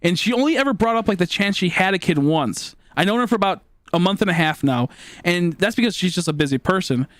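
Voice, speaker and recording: Guy streamer with a pretty high voice, rambly and animated, laughs a lot, dry close sound. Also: fast, dry recording. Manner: animated, rambling storyteller who laughs often. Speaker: live streamer. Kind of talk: casual live-stream chat.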